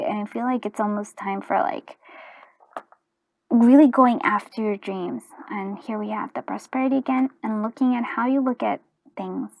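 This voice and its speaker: A woman reading tarot cards in a casual chat, with a hoarse, fading voice that keeps clearing its throat, rambling with restarts and dropping into soft half-whispered asides. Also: mid-range voice, dry recording, phone-quality sound. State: hoarse, voice going. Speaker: tarot reader. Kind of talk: casual pick-a-card reading.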